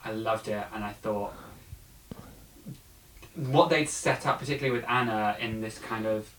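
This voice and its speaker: Low-voiced guy chatting about a movie, hesitant, lots of ums, bit of hiss. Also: moderate pace, fairly bright tone, poor audio. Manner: thoughtful, hesitant, many fillers. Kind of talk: casual film discussion.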